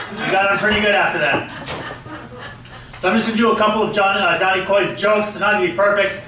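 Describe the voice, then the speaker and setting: A man's voice: high voice, steady tone, fast talker. A man doing stand-up comedy at a memorial, telling crude jokes and tributes. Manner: joking, crude punchlines. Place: comedy club stage. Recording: echoey hall from far off, faint noise.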